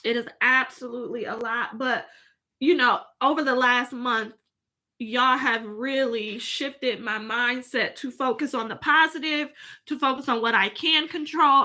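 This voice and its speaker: A woman's voice: fairly high pitch, steady tone, measured pace, bright, forceful tone. A woman, chatting casually from home straight to her viewers and reading out their comments. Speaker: vlogger.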